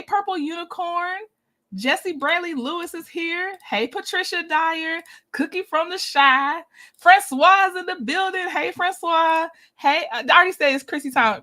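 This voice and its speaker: A woman with a high, bright voice hosts a casual livestream in a loose, chatty manner. She laughs often and greets her viewers warmly by name. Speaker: livestream host.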